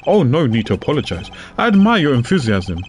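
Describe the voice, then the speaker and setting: A man voicing a gruff middle-aged male detective in a game, with a plain, steady delivery. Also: medium pitch, quick pace, close to an everyday voice.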